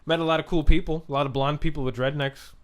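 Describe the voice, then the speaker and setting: A man hosting a podcast livestream, reading viewers' chat messages and answering in a rambling, relaxed way with frequent restarts and casual swearing. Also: a little high, quick pace, clean tone.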